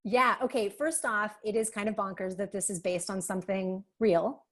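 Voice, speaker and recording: A woman's voice: mid-range voice, steady tone, normal speed. Female interview host, upbeat and chatty, mid-range voice. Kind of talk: casual interview.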